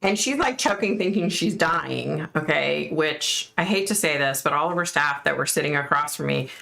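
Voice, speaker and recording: Woman host, low gravelly voice, chatty storyteller who mimics the people she quotes. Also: expressive, normal speed, bright, forceful tone. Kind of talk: casual storytelling.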